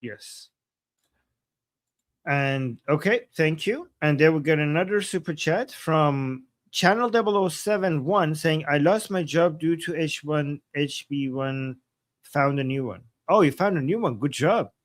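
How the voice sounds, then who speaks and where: Host, male, fairly high voice, upbeat livestream reader, dry close sound. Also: dry recording. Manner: upbeat, quick acknowledgments, many restarts. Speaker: host reading super chats. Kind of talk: casual livestream chat.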